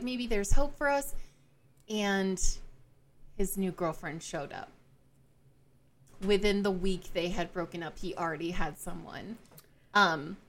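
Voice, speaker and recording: Woman podcast co-host, bright forceful voice, chatty storytelling recap with laughs. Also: mid-range voice. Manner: animated storytelling with frequent laughs and filler "like". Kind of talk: casual book-club chat.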